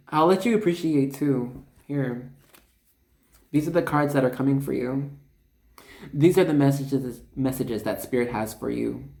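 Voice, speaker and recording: A tarot reader giving a casual spiritual card reading, excitable and chatty, with lots of fillers and asides. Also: mid-range voice. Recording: echoey room.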